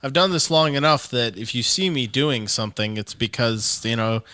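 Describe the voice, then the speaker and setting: A man with a mid-pitched, even voice talks through business lessons in a calm, considered way. He is recorded dry and close. He sounds like a seasoned guest sharing what he has learned. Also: normal speed, no echo. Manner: steady, reflective, advice-giving. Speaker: guest, property management business owner. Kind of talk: casual interview chat.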